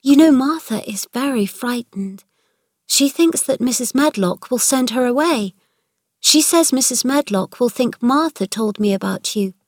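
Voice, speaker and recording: A woman's voice: on the high side, lively intonation, measured pace, darkish tone, dry recording, studio quality, pitched above the performer's own voice. A woman reading aloud, voicing an earnest, curious young girl. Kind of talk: read-aloud storybook dialogue.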